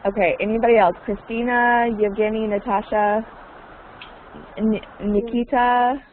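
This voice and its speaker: A woman's voice: fairly high pitch, fairly even intonation, measured pace, slight background noise. Woman teacher on a tinny line. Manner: patient, repeats questions, explains words. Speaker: English teacher. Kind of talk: online group class. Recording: tinny phone-like audio.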